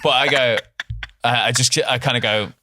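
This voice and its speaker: A man's voice: medium pitch, steady tone, normal speed, sharp tone, no echo, clean studio sound. A young man, a podcast co-host, telling a funny anecdote in casual chat, laughing often and swearing freely.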